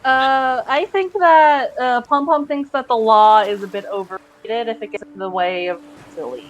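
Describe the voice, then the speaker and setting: A woman's voice: on the high side, normal speed, faint music behind, rough recording. A woman playing a tabletop game who narrates her clown character in a playful, giggly way. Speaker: player.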